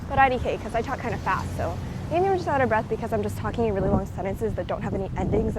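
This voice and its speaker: Out on a walk, a young adult vlogger chats on and on, filler words everywhere, a bit breathless from moving. Her high-pitched voice comes through a clip mic on a handheld recorder, with very heavy background noise.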